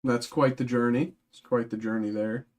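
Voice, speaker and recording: A young man from outside Boston chats through a live card-pack opening. His talk rambles, full of "uh" and restarts, at an everyday middle pitch. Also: fairly even intonation, moderate pace, a little mellow. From Massachusetts, outside Boston. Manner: rambling, many fillers and restarts. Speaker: card break host. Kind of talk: casual live-stream chat while opening packs.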